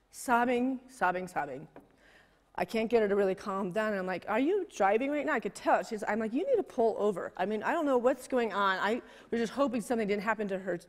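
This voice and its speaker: A woman preacher telling a personal story in a sermon, swinging between intense, emphatic delivery and hushed, softer passages. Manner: emotional, building to high intensity and dropping to hushed tones. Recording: long hall reverb.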